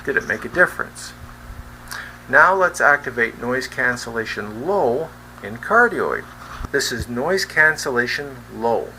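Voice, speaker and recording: A man tests a wireless handheld microphone in an indoor room where a fan is running, asking viewers plainly whether both he and the fan are audible. His medium-pitched voice is pushed and bright, with lively intonation and a slightly slow pace. The low-quality recording has a faint fan hum.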